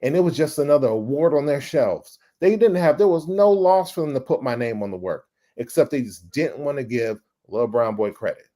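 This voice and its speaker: A middle-aged man, a podcast guest, telling his career story in a casual, animated way, swearing and acting out past scenes. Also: mid-range voice, brisk, hardly any pauses. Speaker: podcast guest, ad creative director.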